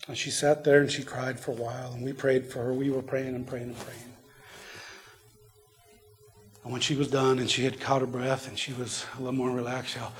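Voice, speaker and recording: A man preaching a sermon in a church, earnest and repetitive, falling to a near whisper before swelling loud again. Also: mid-range voice, steady tone, moderate pace. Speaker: pastor. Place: church service.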